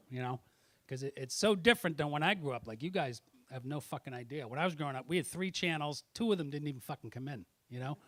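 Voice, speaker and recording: A middle-aged man with a slightly high voice does a brash, profane stand-up set on a comedy club stage, teasing the audience between jokes. There's no room sound on the recording.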